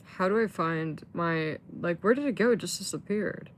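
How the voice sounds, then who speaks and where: A woman's voice: on the low side, normal speed, a little hiss or hum. A woman livestreaming in casual chat, rambling with lots of fillers and swearing when frustrated.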